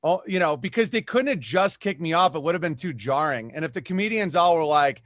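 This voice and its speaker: A comedian holding forth as a podcast guest, his voice sitting high for a man. He rambles from point to point, piling up asides as he rants. The sound is close and dry, with no room around him. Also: lively intonation, a little fast, hardly any pauses, a bit bright, no echo. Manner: rambling, ranting storyteller with frequent asides. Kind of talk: animated podcast conversation.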